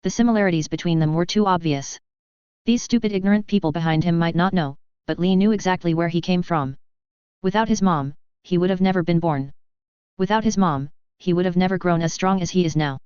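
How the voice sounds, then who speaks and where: A steady audiobook narrator reading a fantasy story in an even way. The voice is very smooth and sits at a middle pitch. The recording is dry and a little muffled. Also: quick pace, dry recording.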